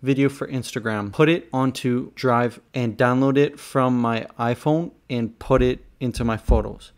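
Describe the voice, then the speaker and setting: Young-sounding guy, mid pitch, casual tutorial host, talks straight to viewers, slightly exasperated. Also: fairly even intonation, a little slow. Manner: frustrated, rambling, talks to viewers directly. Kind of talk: casual screen-recorded tutorial.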